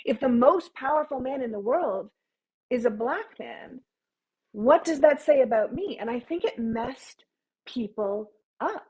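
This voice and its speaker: A woman speaks with a slightly raised pitch and a husky, breathy edge. She talks as an interview guest, emphatic and opinionated, building her points in long runs. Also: lively intonation, measured pace, darkish tone, poor audio. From Canada. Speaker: podcast guest. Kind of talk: casual interview talk.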